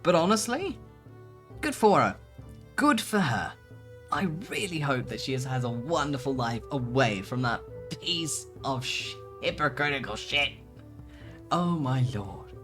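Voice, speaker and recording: Brief: expressive streamer, mid-range pitch with wide melodic swings, reads stories aloud and breaks into laughter, faint backing music. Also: unhurried. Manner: animated, laughs often, swears casually. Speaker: VTuber streamer. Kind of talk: casual live-stream chat reading posts aloud.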